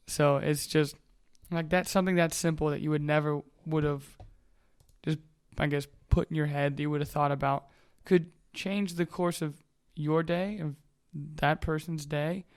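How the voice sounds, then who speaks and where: A man's voice: a little high, level tone, normal speed, clean tone. A man in his twenties talking candidly in a casual motivational monologue, rambling and swearing freely. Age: 20s. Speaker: vlogger.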